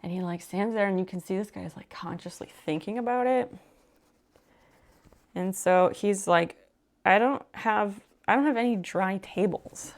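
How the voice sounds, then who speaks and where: A woman's voice: mid-range voice, moderate pace. A woman streamer telling a long story in casual chat, with lots of fillers and casual swearing. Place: home room while sewing on a live stream.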